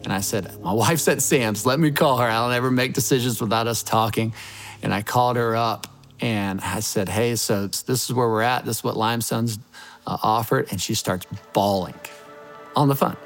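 A man in his thirties tells an earnest personal testimony in a gravelly, creaky voice. He speaks with open emotion about faith and family. A clear music bed runs underneath. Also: medium pitch, moderate pace. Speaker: former college baseball coach.

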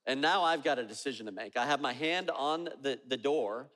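A man's voice: medium pitch, brisk, fairly bright tone. A man preaching a sermon, telling a story and acting out both sides of the dialogue. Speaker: pastor. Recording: long reverb of a large hall.

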